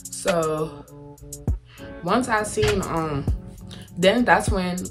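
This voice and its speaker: A woman's voice: on the low side, lively intonation, extremely slow. A young woman telling a personal story in candid, profane casual talk, acting out other people's lines. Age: young adult. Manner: candid, profane, quotes people in raised voices. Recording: music playing loudly behind.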